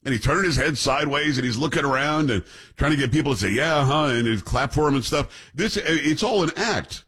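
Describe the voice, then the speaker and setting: In a mid-range, expressive voice that's a bit bright and breathy, a New York opinion-show host talks a little quickly. His take on the clips he describes is blunt and scornful, full of rhetorical asides.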